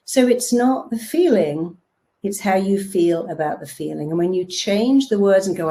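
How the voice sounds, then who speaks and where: A woman, a therapist giving a lively motivational talk and acting out quotes as she tells stories. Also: mid-range voice, normal speed. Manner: lively storytelling with acted-out quotes. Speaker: therapist and self-help speaker.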